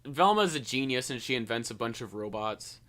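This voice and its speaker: Bright-voiced man recapping a movie. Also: medium pitch, animated, a little fast. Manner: rambling, stumbles and repeats words. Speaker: podcast co-host. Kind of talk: casual movie review chat.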